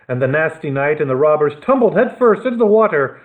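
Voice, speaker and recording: Speaking fast with few pauses in a fairly high voice, a male librarian reads a children's adventure story aloud at storytime with dramatic flair. The recording sounds tinny, like a phone.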